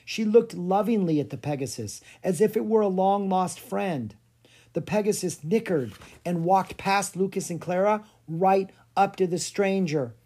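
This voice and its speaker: A narrator reading a children's fantasy chapter book aloud with an expressive delivery. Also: mid-range voice, a little slow. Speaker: audiobook narrator. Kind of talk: storybook narration.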